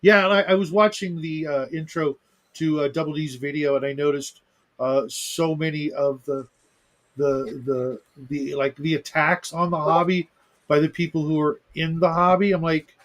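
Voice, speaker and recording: Hesitant male co-host, higher pitch, lots of repeated words. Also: fairly even intonation, moderate pace. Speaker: podcast co-host. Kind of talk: casual chat.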